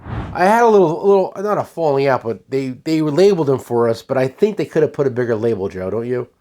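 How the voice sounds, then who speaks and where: A man's voice: medium pitch, lively intonation, fast, warm tone. A man who owns a tool shop, giving a casual, rambling sales demo of his products and often restarting his sentences. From United States.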